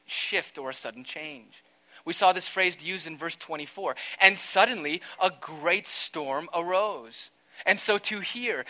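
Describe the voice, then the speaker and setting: A man preaching a sermon, conversational and animated, swinging between loud and quiet with dramatic asides. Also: on the high side, low-quality recording. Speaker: pastor.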